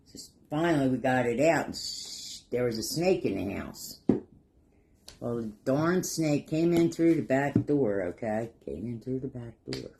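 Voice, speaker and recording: A man's voice: mid-range voice, animated, unhurried, vocal fry, background noise. A middle-aged man telling rambling, folksy stories and chuckling as he paints a craft project for his vlog. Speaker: craft vlogger. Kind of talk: casual storytelling while painting.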